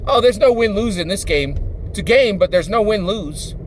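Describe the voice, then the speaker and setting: A man's voice: sits high, lively intonation, moderate pace, slight background noise, voice pushed up. A man voicing an earnest middle-aged father who insists, eager and sure of himself. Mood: cheerfully insistent.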